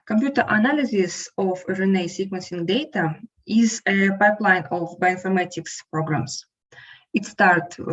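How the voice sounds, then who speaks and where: Female instructor, low register, prepared lecture delivered remotely, muffled lo-fi audio. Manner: reads steadily with small fillers and restarts. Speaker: instructor and invited speaker. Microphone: remote call without camera.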